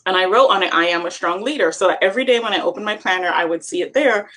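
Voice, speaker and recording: A woman's voice: fairly low pitch, fast talker, fairly bright tone. A woman hosting a motivational chat, explaining and encouraging in an earnest way. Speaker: host.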